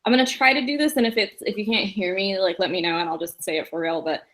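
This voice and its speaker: A woman's voice: mid-range voice, fast talker, a bit bright. A woman player casually narrating a character's actions, rambling with many fillers.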